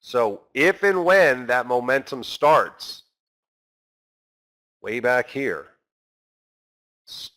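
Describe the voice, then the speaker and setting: Speaking extremely slowly and pausing often, this man teaches trading in a chatty style, his mid-range, slightly bright voice swinging widely in pitch. He keeps adding tag questions such as "right" and "okay" and acts out what frustrated traders are thinking.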